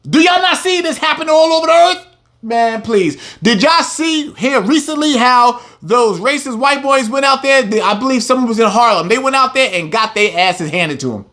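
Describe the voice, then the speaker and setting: A man's voice: very high-pitched, moderate pace. A man teaching from scripture, reading verses aloud and breaking into heated, emphatic commentary. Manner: animated, emphatic, swings between reading and loud preaching. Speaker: religious teacher.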